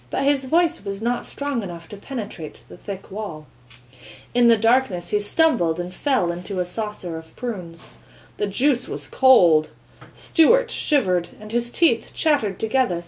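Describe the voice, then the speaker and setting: A woman reading a children's novel aloud with calm, expressive storytelling. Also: medium pitch, a little slow, poor audio. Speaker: reader.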